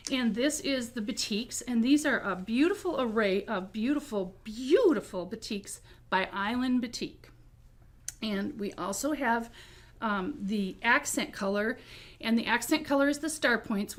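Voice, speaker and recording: In a quilt shop, a middle-aged woman gives a casual product presentation in a slightly high, somewhat bright voice. Enthusiastic and chatty, she hesitates with "um" and keeps repeating words like "beautiful."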